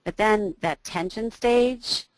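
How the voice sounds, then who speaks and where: A woman, an early childhood teacher, giving a training talk to educators with a booming voice, listing strategies with frequent ums and you knows. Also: slow, dry recording, rough recording. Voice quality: loud, booming voice.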